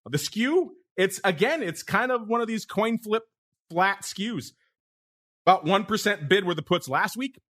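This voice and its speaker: A man's voice: high-pitched, animated, unhurried, a bit bright. A man hosting a podcast, chatting casually about markets and laughing often in playful banter. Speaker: podcast host.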